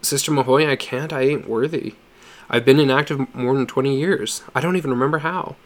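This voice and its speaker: A man voicing a rough, ashamed older farmer who speaks quietly and haltingly in rural speech. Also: mid-range voice, close to an everyday voice.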